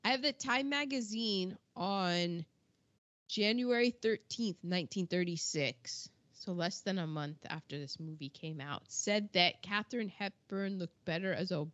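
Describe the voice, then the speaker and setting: A woman's voice: medium pitch, a bit bright, dry recording. Chatty opinionated American woman. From United States. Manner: chatty, opinionated, quick asides. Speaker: podcast co-host. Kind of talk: casual chat. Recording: dull, dry lo-fi audio.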